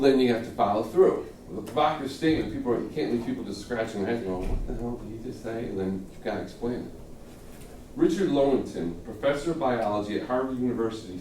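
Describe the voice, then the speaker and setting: With a warm, mid-range voice, a middle-aged instructor leads a class on giving speeches, conversational and relaxed. He peppers his talk with "okay?" checks and plays out how listeners would react, captured by a distant mic in a roomy classroom with faint noise.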